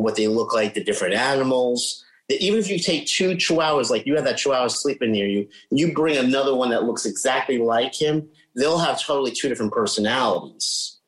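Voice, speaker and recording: A man talks casually as a guest, explaining things with lots of asides. He is animated and throws in little impressions of other people's voices. His voice sits at an ordinary middle pitch. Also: low-quality recording. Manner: chatty, animated, imitates voices he describes. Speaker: psychic medium guest. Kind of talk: casual interview talk.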